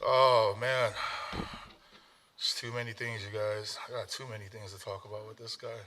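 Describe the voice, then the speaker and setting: A man's voice: lowish voice, fairly even intonation, moderate pace, sharp tone, a little hiss or hum. A man speaking at his father's memorial, heartfelt and fighting back tears, often saying "man". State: tearful. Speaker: son giving a eulogy. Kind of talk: emotional memorial speech.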